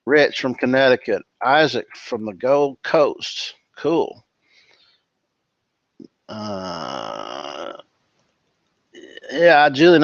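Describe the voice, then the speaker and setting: A relaxed man from California hosts a live online session, greeting his audience one by one and calling them brother and dude. His voice sits in a middle register. It comes through dry and a little muffled, like a basic computer microphone. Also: medium pitch, dry recording. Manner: relaxed and chummy, calls people brother and dude. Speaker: webinar host. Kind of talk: casual live-stream chat reading out viewer greetings.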